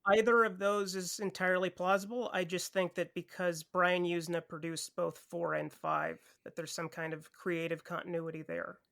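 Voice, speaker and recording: A man serving as a podcast juror, talking through a film in a wry, measured way. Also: high voice, flat delivery, gravelly, a bit bright. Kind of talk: casual film discussion.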